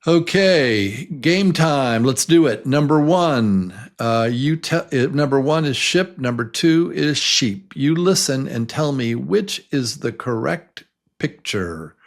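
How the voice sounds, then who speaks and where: A man teaching a beginner English pronunciation lesson, leading slow, patient drills and encouraging his learners. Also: mid-range voice, lively intonation.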